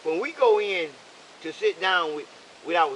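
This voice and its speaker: A man's voice: high-pitched, lively intonation, normal speed, a bit bright, a little hiss or hum, poor audio. An older man telling a roadside story in casual conversation, preachy and leaning on "okay?" for emphasis. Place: in a vehicle.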